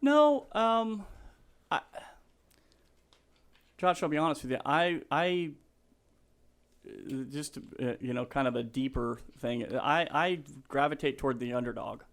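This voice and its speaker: This is a man working as a real estate agent, appearing as a guest on a casual podcast interview. His voice sits a little high and sounds animated, and he talks earnestly but haltingly, with lots of restarts and fillers. At times he gets emotional, and at times he laughs.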